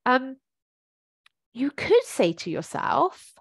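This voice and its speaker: A woman's voice: medium pitch, animated, normal speed, dry recording. A woman giving informal coaching advice, chatty and encouraging, thinking aloud with plenty of ums. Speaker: life coach.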